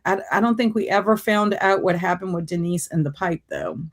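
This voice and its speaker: A woman's voice: mid-range voice, fairly quick. A woman from Louisiana, hosting a casual livestream from her home office, reading chat comments aloud and laughing often. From Louisiana, USA. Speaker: livestream host.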